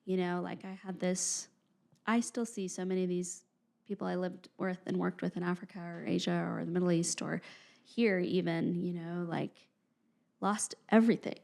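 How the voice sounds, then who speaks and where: Young woman, interview guest; earnest, fry-laden low voice, drops to hushed tones. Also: steady tone, normal speed. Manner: earnest, reflective, softening into near-whispers. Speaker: podcast guest, mental health professional. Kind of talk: conversational interview.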